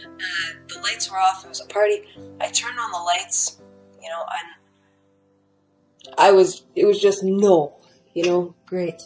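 Rambling young woman with a mellow voice. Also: medium pitch, a little slow, long pauses, soft background music, poor audio. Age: young adult. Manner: rambling, full of fillers and restarts. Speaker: storyteller sharing a near-death experience. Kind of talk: casual first-person testimony. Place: at home.

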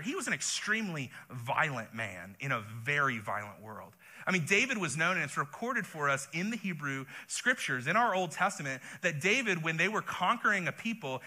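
Guy preaching, super bright high voice, acts out the story w/ jokes. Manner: animated storytelling with playful asides. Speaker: pastor. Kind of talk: sermon.

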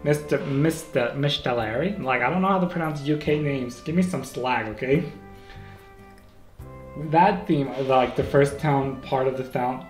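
A man hosting a casual solo podcast, rambling and excitable, often stopping to correct himself, on a home microphone. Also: medium pitch, measured pace. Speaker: podcast host. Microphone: home microphone, may clip. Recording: echoey room with faint music.

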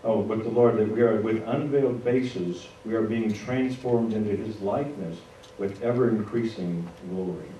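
Preaching at a moderate pace, the pastor has a fairly low pitch and a dark tone, and he keeps things conversational with asides to his congregation. The sound comes from a distance in the echoey church sanctuary, with a little background noise.

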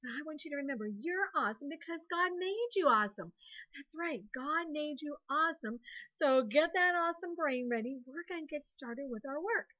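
A woman teacher leads young children through a recorded lesson in a cheerful, encouraging way. Her voice is high and bright, and she spells words out slowly, letter by letter. The sound is muffled and lo-fi. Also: lively intonation. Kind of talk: recorded online classroom lesson.

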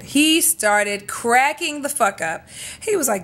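A woman's voice: mid-range voice, expressive, normal speed, fairly bright tone. A young adult woman vlogger telling a dramatic, profane storytime in casual chat.

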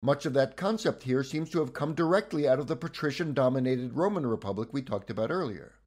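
A man's voice: medium pitch, animated, brisk, darkish tone. A man giving scripted educational narration about political history, with wry, conversational asides.

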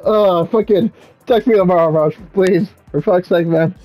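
A woman gamer talking with friends during an online match, loud and profane, yelling warnings and often breaking into laughter. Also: lowish voice, moderate pace, no echo, rough recording. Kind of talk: casual game commentary.

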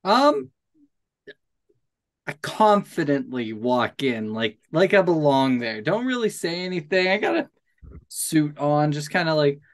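A man's voice: fairly high pitch, big pitch swings, measured pace. A man playing a tabletop heist game, improvising his character's cover story with hesitant fillers. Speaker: player. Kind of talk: in-character tabletop role-play.

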